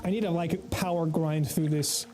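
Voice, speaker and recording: A man's voice: on the high side, steady tone, normal speed, a little mellow, soft background music, poor audio. An American man streaming a game, chatting loosely, swearing freely and laughing often. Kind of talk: casual gaming livestream commentary.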